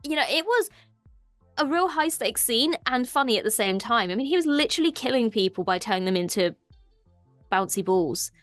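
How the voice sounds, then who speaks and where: A woman's voice: a little high, expressive, a little fast, no room sound, soft background music. A woman with an Irish accent co-hosting a casual TV discussion, chatty and enthusiastic. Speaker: co-host.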